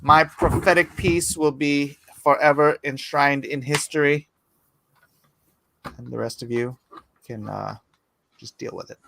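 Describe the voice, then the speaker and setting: A man's voice: on the high side, fairly even intonation, unhurried, vocal fry, pauses often, fairly bright tone, a little hiss or hum. A middle-aged man hosting a casual live art auction, joking and teasing as he chats. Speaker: auction host and comic artist. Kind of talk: casual livestream chat.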